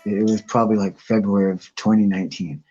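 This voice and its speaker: A man's voice: fairly low pitch, quick pace, husky, dull audio, soft background music. A man hosting a live stream, telling rambling profane stories in a casual chat. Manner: crude, rambling, animated storyteller. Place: home, outdoors nearby.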